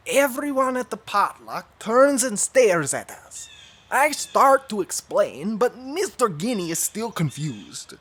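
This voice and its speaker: A woman reading a children's storybook aloud in a playful, animated way. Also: mid-range voice, slow pace, breathy edge. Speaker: storybook reader. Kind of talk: expressive read-aloud narration.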